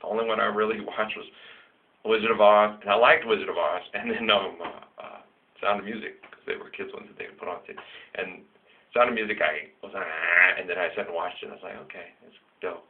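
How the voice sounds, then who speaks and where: A man's voice: on the low side, fairly even intonation, quick pace, a little hiss or hum. A man hosting a show, talking in a rambling, jokey way and laughing often. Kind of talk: casual monologue. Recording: tinny phone-like sound.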